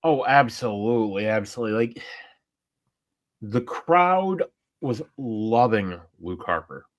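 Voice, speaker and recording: A man from upstate New York with a New York accent, co-hosting a casual wrestling podcast with quick, emphatic interjections. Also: on the low side, expressive. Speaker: podcast co-host.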